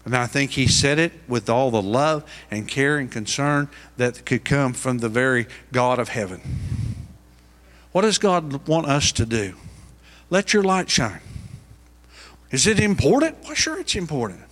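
A man's voice: medium pitch, very animated, unhurried, a bit bright. A middle-aged male pastor preaching a sermon, pressing his points with rising, emphatic questions.

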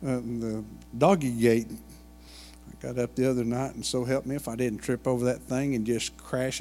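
A man's voice: mid-range voice, flat delivery, moderate pace, mellow, long reverb tail, faint music behind. A man preaching a sermon and retelling a Bible story in a folksy way, full of asides and homey jokes. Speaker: pastor. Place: church sanctuary.

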